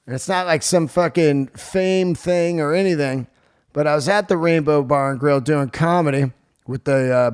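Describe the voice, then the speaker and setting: A man's voice: medium pitch, a little mellow, smooth. A man hosting his podcast as a comedian, talking loosely and profanely with lots of fillers. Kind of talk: casual monologue.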